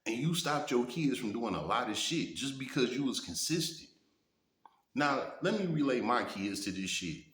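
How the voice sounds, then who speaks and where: In an echoey room, a man in his thirties speaks at a medium pitch and moderate pace, his voice slightly bright and very animated. He's a vlogger telling stories in a casual monologue, blunt and profane, and he keeps asking viewers "you know what I'm saying."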